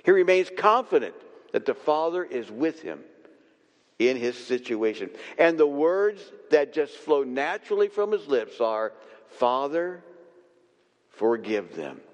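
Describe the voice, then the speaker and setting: A man preaching a sermon as pastor, slow and emphatic, with long pauses and repeated refrains, in a church sanctuary. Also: fairly high pitch, big pitch swings. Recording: long reverb of a church hall.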